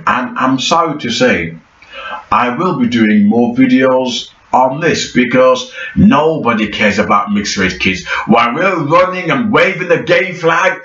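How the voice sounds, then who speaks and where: A man's voice: mid-range voice, fairly bright tone, roomy sound, dull audio. A man giving an opinionated vlog commentary, talking emphatically and repeating his points, with theatrical outbursts. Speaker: vlogger.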